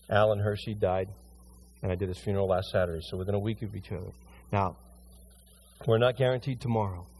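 Emphatic middle-aged pastor preaching. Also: male voice, lowish voice, slight background noise. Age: middle-aged or older. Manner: emphatic, preaching in rising bursts then hushed pleading. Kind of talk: sermon with closing prayer. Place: church sanctuary before a congregation.

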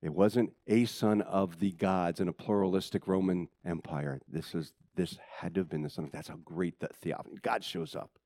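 A man preaching a sermon to his church, dramatic and swinging from loud excitement to hushed intensity, with conversational asides to the congregation. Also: low voice, normal speed, few pauses, no echo. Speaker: pastor.

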